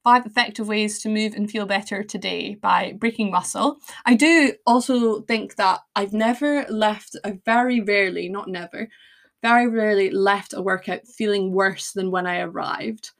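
A woman's voice: medium pitch, moderate pace, gravelly. A young woman hosting a podcast, talking casually with fillers, tangents and self-deprecating asides. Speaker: podcast host. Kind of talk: casual solo podcast chat.

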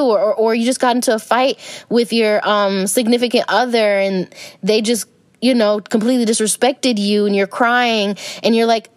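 A woman's voice: a little high, steady tone, moderate pace, dry recording. A young adult woman hosting a podcast, talking casually about self-help and spirituality in a rambling way with many fillers. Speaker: podcast host.

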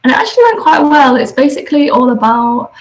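A woman's voice: high-pitched, very animated, fast talker. A nineteen-year-old woman with a Yorkshire and Lincolnshire accent, chatting as a podcast guest and filling her talk with "like". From England. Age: teens. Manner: chatty, many fillers like "like". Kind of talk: casual chat. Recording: roomy echo.

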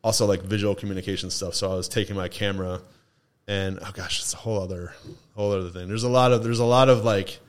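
A man's voice: on the low side, steady tone, quick pace. A man from Toledo, a podcast guest in casual chat, rambling with restarts and laughs. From Toledo, Ohio. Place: indoors, recorded session with drinks.

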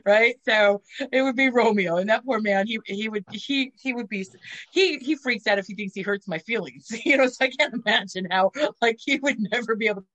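A woman's voice: on the high side, a little fast, a bit bright, dry recording. A woman hosting a casual podcast chat, telling crude stories with lots of giggles and "you know.". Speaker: podcast host.

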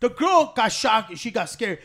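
A young man telling a story in casual chat with friends, profane and animated, breaking into laughs. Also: extremely high pitch, normal speed. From Hispanic American.

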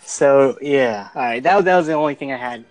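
Over soft background music, a male podcast host with a mid-range voice talks briskly. He steers a casual film chat, eager and rambling.

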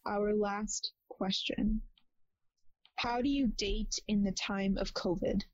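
A woman's voice: mid-range voice, fairly even intonation, takes it slowly, highs cut off. A woman co-hosting a casual podcast who gives advice and teaches phrases in an encouraging way. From grew up speaking Telugu. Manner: advising, encouraging. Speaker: podcast co-host.

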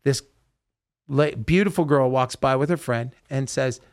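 A man hosting a podcast in a studio, telling a story with lively voiced-out quotes. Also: mid-range voice, measured pace. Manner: animated storyteller acting out quotes. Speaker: podcast host. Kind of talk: casual storytelling chat.

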